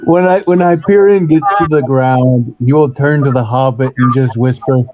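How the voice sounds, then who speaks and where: A man's voice: mid-range voice, normal speed. A man playing a tabletop game, stating his character's actions in a dry, terse way. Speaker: player. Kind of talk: tabletop role-play chat. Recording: dull lo-fi mic with faint music.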